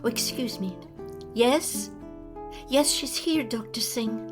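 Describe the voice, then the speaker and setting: A woman's voice: on the high side, slow pace, loud music behind the voice. A woman acting as a clinic receptionist in an amateur radio drama, speaking in a light, conversational way. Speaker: actor in a listener's mini radio drama.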